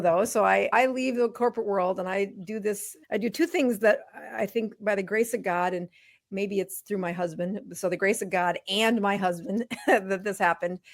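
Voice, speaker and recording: A woman's voice: fairly low pitch, dry recording, studio quality. A middle-aged woman physician, a podcast guest, telling her personal story candidly and with liveliness, acting out exchanges.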